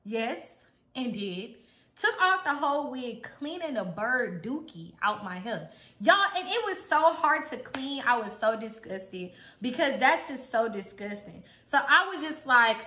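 A young woman with a Houston accent tells a storytime vlog in a high, lively voice that leaps up and down. Her tone is bright, she laughs often, and she acts out every line of dialogue. The room sounds echoey. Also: a little slow. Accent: Houston, Texas. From Houston, Texas. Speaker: vlogger. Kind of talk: casual storytime.

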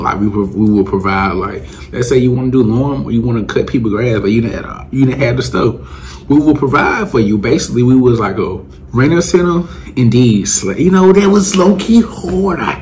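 A young man spins a casual storytime, cussing and tossing in slang as he goes. His voice swings high and low when he plays his friends. A faint hiss of noise sits under the talk. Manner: animated, acts out friends' lines with pitch jumps; rambling with slang and profanity. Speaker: vlogger.

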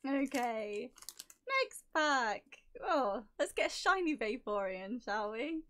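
Giggly woman with a hoarse voice. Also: on the high side, animated, slow, a bit bright. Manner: giggly, self-mocking, gushing over cute cards. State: voice going hoarse. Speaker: card-opening vlogger. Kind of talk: casual unboxing chat.

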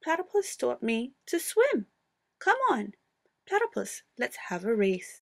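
A bouncy little boy wombat, eager and playful, chirping high and bright, as a woman reading aloud puts him on. His voice leaps up and down with childlike excitement. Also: a little slow, full character voice. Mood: excited. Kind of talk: storybook reading.

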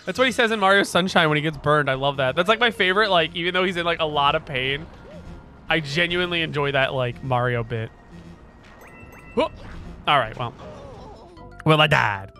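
A young man doing let's play commentary, excitable, swearing a lot and yelling at the game. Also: fairly high pitch, a little fast, soft background music. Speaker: gaming streamer.

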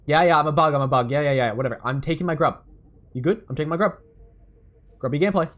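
A young English man giving excitable let's-play commentary, laughing and yelling at the game. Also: on the high side, fast, long pauses. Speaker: gamer.

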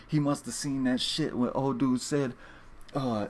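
Talking directly to the audience in a loose monologue, this fantasy sports video host rambles, curses, and keeps circling back and restarting. He has a medium-pitched, slightly mellow voice and moves at a moderate pace.

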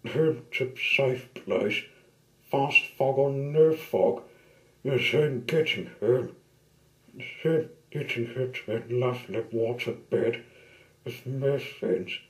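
A rattled male tugboat from a storybook mutters his worries in a shaky voice, as a man reads him aloud. The delivery is slow and medium-pitched. The sound carries the echo of a room. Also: a bit bright. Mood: anxious.

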